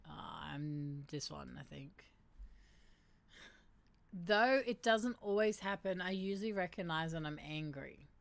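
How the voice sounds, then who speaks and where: A woman's voice: low voice, lively intonation, a little slow, gravelly, long pauses, dry recording. A woman hosting a casual livestream, reading quiz statements aloud and adding wry asides to her viewers. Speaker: livestream host.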